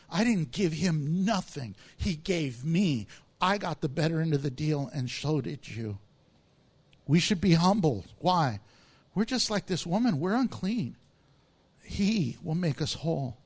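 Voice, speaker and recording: A man's voice: high voice, sing-song, measured pace, fairly bright tone. A man preaching a sermon, explaining words from the text and acting out the voices of people in the story. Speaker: pastor.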